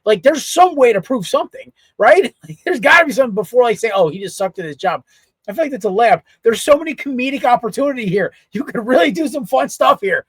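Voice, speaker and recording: A man's voice: extremely high pitch, expressive, fast talker, hardly any pauses, breathy edge, no echo. A man appearing as a guest on a sports podcast, talking in a rambling, giggly way with lots of fillers. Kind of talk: casual sports talk.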